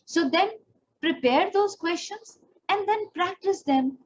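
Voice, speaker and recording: A woman's voice: very high-pitched, animated, slow. A woman with an Indian accent, a pageant coach giving earnest, encouraging advice straight to her viewers. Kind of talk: instructional talk to camera. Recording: slightly dull recording.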